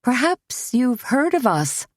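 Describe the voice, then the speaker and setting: A kind but determined woman offers help in a steady, reassuring tone, as a woman reader plays her. She talks unhurriedly, and the sound is dry and close to the mic. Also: a little high, slow, dry recording, voice pushed up, exaggerated voice. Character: kind, determined middle-aged café owner.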